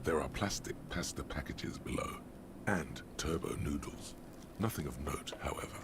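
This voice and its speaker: A deep, brooding inner voice. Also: male voice, lively intonation. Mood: wry. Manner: measured, often half-whispered. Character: the detective's brooding inner voice, male, wry and ominous. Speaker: game's inner-voice narrator. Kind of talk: scripted video game narration. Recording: game audio with noisy ambience.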